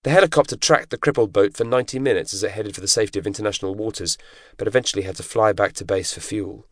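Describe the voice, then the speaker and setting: A man narrating an audiobook in a measured, dramatic storytelling manner. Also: lowish voice, no echo. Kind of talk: scripted narration. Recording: dry close studio recording.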